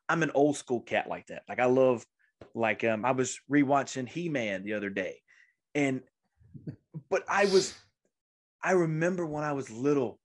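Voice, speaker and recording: A man in his twenties, a podcast host, telling a rambling, emotional story in casual chat, with many restarts. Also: mid-range voice. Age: 20s.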